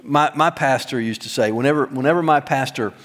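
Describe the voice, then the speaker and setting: A man preaching a sermon as pastor, emphatic, swinging between loud stressed words and soft low asides, with touches of self-deprecating humor. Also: brisk. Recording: long hall reverb.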